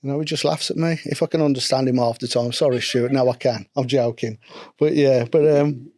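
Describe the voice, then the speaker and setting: A man's voice: mid-range voice, fairly even intonation, fairly quick, a little mellow, no room sound. A middle-aged man with a local English regional accent, speaking candidly and at length as a podcast guest and mental health instructor. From England. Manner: rambling, earnest, self-deprecating.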